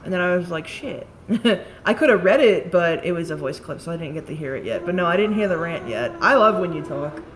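With a lowish, expressive voice and a fairly quick pace, this late-30s woman from Staten Island, New York rambles about beauty products on a live stream, swearing casually. There's slight background noise.

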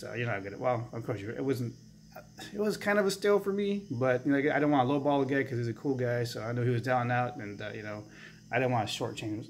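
Excitable man rambling to camera. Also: mid-range voice, slight background noise. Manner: enthusiastic, rambling, many fillers. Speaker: comic book collector vlogger. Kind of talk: casual chat to camera.

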